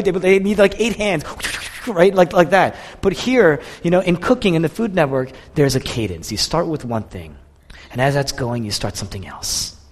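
Male pastor, sermon delivery, fairly high voice, expressive and emotional, long reverb of a hall. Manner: emotional, builds to impassioned intensity then drops soft.

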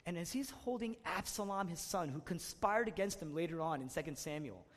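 Preacher with hall reverb. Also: male voice, a little high, expressive, a little fast. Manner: swings from loud emphatic to hushed, intimate delivery. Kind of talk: sermon.

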